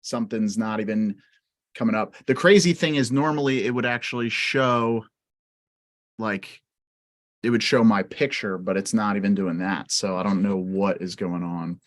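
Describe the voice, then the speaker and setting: A man's voice: lowish voice, moderate pace. A man co-hosting a live Q&A over a video call, chatting casually with many fillers and motivational asides. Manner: talkative, lots of "like", motivational. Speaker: co-host of live Q&A. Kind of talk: casual live-stream chat.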